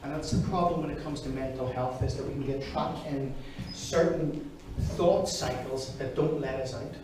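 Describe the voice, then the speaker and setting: Speaking at normal speed in a mid-range voice, a man preaches an earnest, personal sermon directly to his congregation in a church hall. The distant mic picks up a noisy, echoey space.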